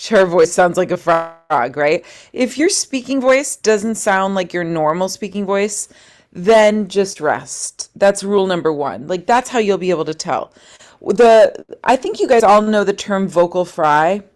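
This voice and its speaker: Heard over a video call, a woman runs an online singing workshop in a mid-range, darkish voice with lively intonation, speaking a little slowly. She's upbeat, chatty and encouraging as she guides students through their voices.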